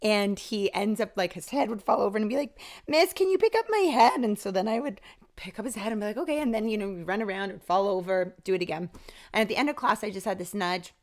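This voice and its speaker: A woman guest on a podcast telling a personal story in casual talk, acting out quoted dialogue with lively shifts. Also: mid-range voice, fast talker. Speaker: podcast guest, author and speaker.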